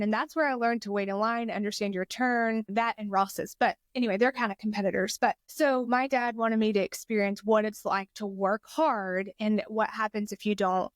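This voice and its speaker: A woman's voice: fairly high pitch, dry recording, clean studio sound. A middle-aged woman from Georgia with a Southern accent, telling stories as a guest in a casual chat. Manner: chatty storyteller, drawn-out pauses.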